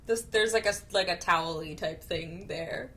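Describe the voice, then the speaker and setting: A woman's voice: on the low side, normal speed, sharp tone, a little hiss or hum. Dry, teasing young woman co-host. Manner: dry, teasing, short replies. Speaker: podcast co-host. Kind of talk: casual chat.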